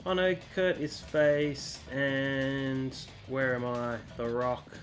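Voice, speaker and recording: A man's voice: medium pitch, little pitch movement, slow, soft background music. A man hosting a casual let's-play, chatting through menus and reading the on-screen text aloud. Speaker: gaming channel host.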